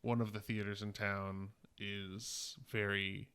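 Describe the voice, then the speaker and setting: A man's voice: lowish voice, level tone, slow pace, sharp tone, clear, resonant tone. A man in his twenties co-hosting a podcast, telling rambling, profane stories full of fillers. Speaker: podcast co-host. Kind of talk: casual podcast chat.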